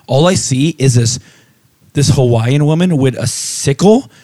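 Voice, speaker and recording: A man's voice: mid-range voice, measured pace, no echo. A man co-hosting a podcast, telling a travel story in casual chat with lots of swearing and restarts. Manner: animated storyteller who swears a lot. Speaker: podcast co-host.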